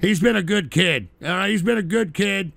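A man hosting a politics livestream, talking bluntly and profanely in a casual rant that erupts into shouting. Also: sits high, normal speed, creaky, dry recording. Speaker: host of a call-in politics show.

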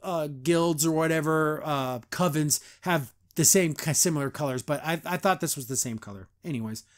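Chatty high-voiced young man. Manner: chatty, quotes characters in quick voices, frequent laughs. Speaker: podcast host reviewing a cartoon. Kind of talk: casual reaction commentary.

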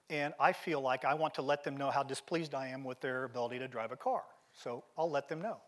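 A middle-aged man delivers a motivational keynote at a seminar, speaking directly to his audience. He drives his points home through emphatic repetition and plain storytelling, in a voice of ordinary male pitch. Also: fairly quick, hardly any pauses, a bit bright. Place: seminar venue.

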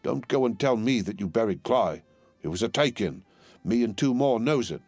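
A man voicing a threatening, blunt middle-aged London porter who speaks in rough, uneducated speech. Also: medium pitch, expressive, moderate pace, a little mellow, no echo, soft background music, voice pushed up. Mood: menacing.

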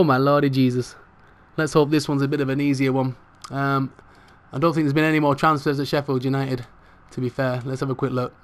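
A young man commentating his football game, bursting into mock-broadcast shouting at big moments. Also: a little high, clear, resonant tone. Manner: shouts in mock-broadcast commentary at goals, chatty and swearing mildly otherwise. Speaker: gaming commentator.

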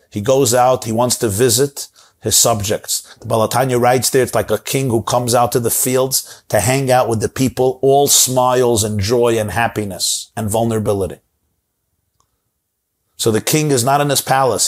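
A man telling a story in a sermon, slowing down and repeating phrases for emphasis. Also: mid-range voice, steady tone. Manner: slows down to stress key words, repeats phrases for emphasis.

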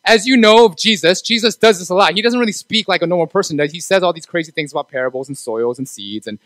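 A man's voice: high voice, fast, a bit bright, dry recording, rough recording. A man preaching a casual youth sermon in a church, talking conversationally and often checking in with the room. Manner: conversational, asks the room for agreement. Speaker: youth pastor.

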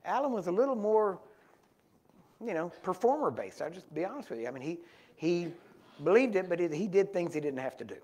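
A man's voice: high voice, a little fast. A male preacher with a slightly raised voice spins loose, winding stories from the pulpit, correcting himself as he goes. He wears a small clip-on microphone in a church. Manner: rambling anecdotes with self-corrections, grows animated. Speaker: guest preacher. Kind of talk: storytelling sermon. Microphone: small wearable microphone.

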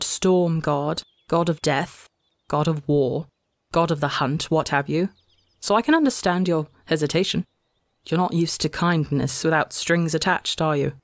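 A man voicing a weary, gentle young male forest god who speaks softly and wistfully. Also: on the high side, no room sound, natural voice. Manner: soft, tired, wistful.

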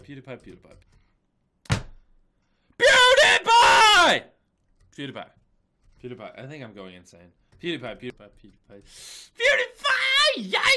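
A young man with a cold talks casually to his viewers, and his pitch swings widely. His voice is bright and forceful. He repeats a chant and breaks off into sudden shouts and quick mumbled asides. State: has a cold. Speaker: video creator. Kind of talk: casual chat.

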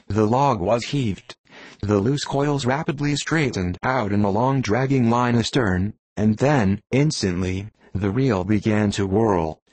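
A man reading a classic novel aloud, low-pitched and unhurried. His delivery is measured and deliberate. The recording is close and dry. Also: darkish tone, slightly rough, no echo. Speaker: audiobook reader. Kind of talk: scripted narration.

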